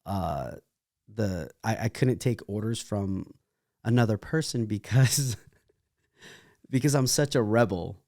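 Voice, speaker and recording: A young man from California talks through his past in a relaxed interview, animated and quick to laugh at himself. His voice sits a little low, recorded dry and close with no room sound. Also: vocal fry, dry recording. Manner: animated storyteller with laughing asides and restarts. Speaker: interview guest, dancer. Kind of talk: casual interview storytelling.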